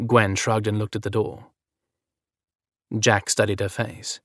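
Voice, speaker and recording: A man reading a romance story aloud as narrator in an even, measured way. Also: on the low side, no room sound, clean studio sound.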